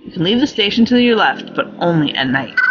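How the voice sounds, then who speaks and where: A woman in her forties reading aloud the lines of a formal station computer guiding a robot, in a measured, instructive way. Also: fairly low pitch, animated, highs cut off, background noise, lightly acted. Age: 40s. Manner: reads game text aloud, measured and instructive. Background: loud game music.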